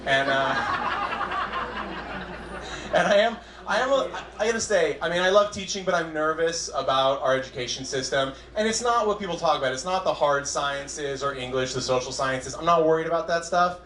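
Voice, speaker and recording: A young man doing a stand-up comedy set on a club stage, self-deprecating and halting, with frequent restarts. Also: fairly high pitch, animated, fairly bright tone, slight background noise. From Southern California. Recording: echoey club room, faint crowd ambience.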